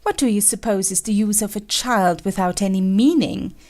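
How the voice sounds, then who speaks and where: A woman's voice: mid-range voice, normal speed, darkish tone, lightly acted. A woman playing a stern, imperious Red Queen who scolds and lectures sharply in a full-cast audiobook. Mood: scolding.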